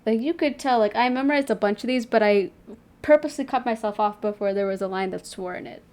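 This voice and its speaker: A young woman streamer chats casually and playfully with a friend on a livestream, constantly saying "like" and other fillers. Her voice is fairly high and darkish in tone, and she talks fast.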